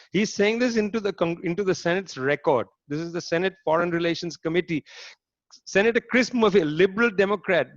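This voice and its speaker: A man lectures in a fairly high, emphatic voice, sardonic and pointed, often throwing rhetorical questions at his listeners. The sound is dry and close, a little dull, as from an online talk. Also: dry recording. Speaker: speaker giving a political lecture. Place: online talk, home setup.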